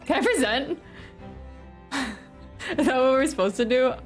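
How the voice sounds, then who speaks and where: A woman's voice: high-pitched, animated, measured pace, soft background music. A woman streaming a game, chatting casually, giggling often and swearing offhandedly while she fusses about her own performance. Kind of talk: casual gaming commentary.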